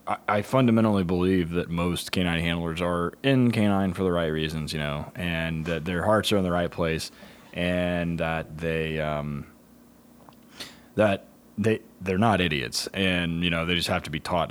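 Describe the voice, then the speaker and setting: A man who trains police dog handlers, telling stories in casual chat and acting out the people he quotes, with plenty of swearing. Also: low voice. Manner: profane storyteller, acts out quotes.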